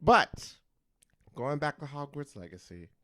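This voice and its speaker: A man co-hosting a podcast, chatting casually in an animated, joking way with lots of cursing. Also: a little high, measured pace, no echo, clean studio sound. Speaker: podcast co-host. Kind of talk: casual chat.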